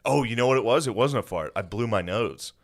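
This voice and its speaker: A man's voice: expressive, fairly quick, creaky. A young man co-hosting a podcast, swearing and laughing as he tells crude stories in casual chat. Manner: crude, laughing storyteller who acts out shrill voices. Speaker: podcast co-host.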